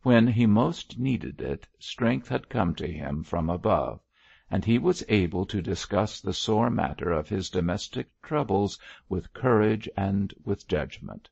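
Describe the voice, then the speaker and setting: Male narrator for a classic novel; low gravelly voice, lively intonation. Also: measured pace, no room sound, muffled recording. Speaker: audiobook narrator. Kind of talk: scripted narration of a Victorian novel.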